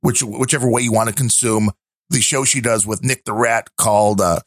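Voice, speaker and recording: A man's voice: fairly low pitch, normal speed, no room sound, clean studio sound. A man hosting a casual podcast, joking and teasing his co-hosts. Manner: animated, joking. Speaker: podcast host.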